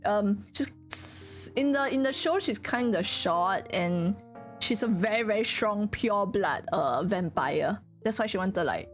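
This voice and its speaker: A woman's voice: mid-range voice, unhurried, faint music behind. A woman streamer chatting casually with her viewers, telling stories with lots of giggling. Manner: giggly, animated storytelling with frequent laughter.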